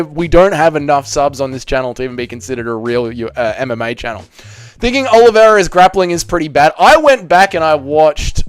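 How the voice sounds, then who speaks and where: A man's voice: a little high, clean tone, no room sound, clean studio sound. A young man hosting a casual livestream, reading chat comments aloud with profane, self-mocking banter. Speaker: livestream host.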